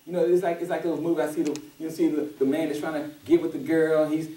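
Lively pastor guy with a high voice, preaching and acting out little scenes, sounds far off in a roomy church. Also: fast talker. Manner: animated storyteller who acts out quoted voices, casual dialect. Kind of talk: conversational sermon. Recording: roomy church audio from a distance.

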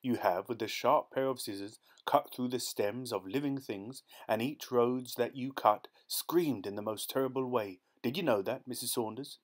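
A man reading an audiobook, voicing a peculiar, excitable male inventor who speaks urgently and intensely. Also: mid-range voice, normal speed, few pauses, close to an everyday voice.

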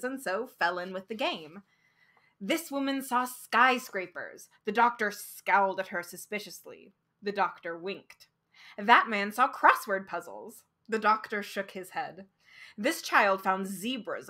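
A woman reading a short story aloud as a storyteller and streamer, expressive, with dramatic pauses. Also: fairly high pitch.

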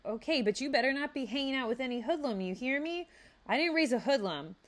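A woman voicing a caring, worried mother red fox who scolds loudly but stays kind. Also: high voice, animated, fairly quick, voice pushed up. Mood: scolding. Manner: loud, scolding yet kindly.

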